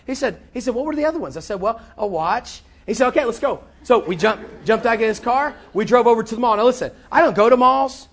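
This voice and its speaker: A man with a high-pitched voice preaches through a personal story. He talks in an animated way, often repeating words and acting out both sides of a conversation. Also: fast talker, hardly any pauses. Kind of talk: sermon storytelling.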